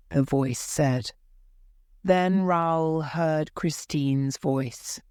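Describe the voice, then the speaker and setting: Low-voiced woman reading a story for learners, super slow and clear, dry close sound. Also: a little mellow, no echo. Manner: slow, careful. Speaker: narrator. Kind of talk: graded reader narration for learners.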